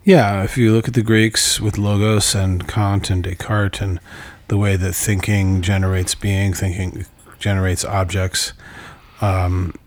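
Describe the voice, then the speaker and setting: A man casually explaining a philosophy text, halting and restarting often, with many fillers. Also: deep voice, little pitch movement, no echo.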